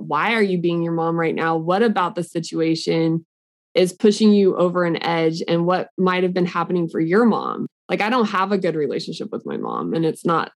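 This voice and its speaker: A woman co-hosting a podcast, explaining ideas earnestly with casual "like" fillers. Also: lowish voice. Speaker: podcast co-host. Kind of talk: casual chat.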